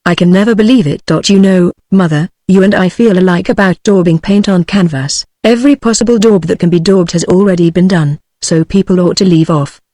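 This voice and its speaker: A woman's voice: on the low side, a little fast, hardly any pauses, mellow, no room sound, clean studio sound, natural voice. A synthetic British woman reading a fussy young male painter. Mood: anxious. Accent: British English.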